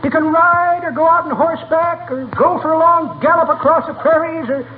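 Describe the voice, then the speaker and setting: An actor playing a rambling, folksy old-timer who mishears words, in 1940s radio comedy acting. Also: male voice, extremely high pitch, a little fast. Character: rambling old male ranch-talking codger. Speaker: comic old-timer visitor. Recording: tinny hissy old broadcast, audience laughter.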